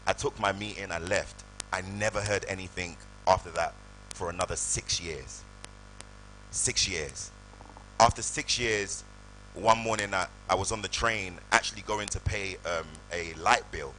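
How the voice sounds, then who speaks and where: Man, animated storyteller, low voice, live event. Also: a little slow, slight background noise, rough recording. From United Kingdom. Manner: animated, acts out voices in anecdotes. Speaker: guest actor. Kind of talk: storytelling on stage. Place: live event hall with audience.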